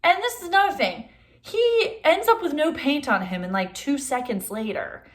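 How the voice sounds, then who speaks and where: A young adult woman casually reviewing a film for her vlog, chatty and exasperated, with a steady stream of "like". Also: high voice, moderate pace.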